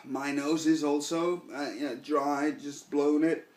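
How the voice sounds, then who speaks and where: A man giving a casual product review in a slow, deliberate way, thinking aloud with fillers. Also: fairly high pitch, little pitch movement, a little mellow. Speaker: snuff reviewer.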